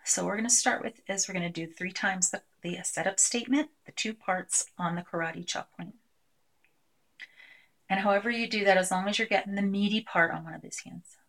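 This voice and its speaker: A woman presenting a live workshop, talking through a technique with many pauses and fillers. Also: medium pitch, a bit bright. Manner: hesitant, filler-heavy, demonstrates by voicing a client. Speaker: clinician presenting a tapping technique.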